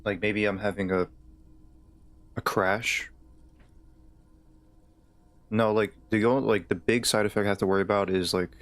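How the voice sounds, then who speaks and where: A man's voice: lowish voice, fairly even intonation, fast talker, hardly any pauses, no room sound. A man with a Southern US accent chatting casually while streaming a game, rambling and hesitant with frequent restarts. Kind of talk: casual gaming stream chat.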